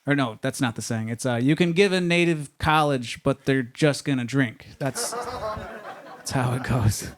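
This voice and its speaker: A man's voice: medium pitch, lively intonation, unhurried, noisy background. A man doing a stand-up set on a comedy club stage, rambling and conversational, asking the crowd if they know what he means.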